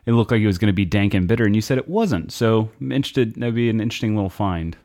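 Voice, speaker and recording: A man's voice: on the low side, animated, fast talker, mellow. A man in his thirties hosting a casual podcast chat from a room at home, joking and swearing freely. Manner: profane, joking banter. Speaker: podcast host. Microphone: desktop mic at home computer.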